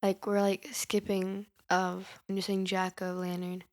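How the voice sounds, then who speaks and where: A woman's voice: mid-range voice, monotone, measured pace. Young woman chatting playfully on a podcast. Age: teens. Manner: playful, rambling with "like". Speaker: podcast co-host, daughter. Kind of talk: casual chat.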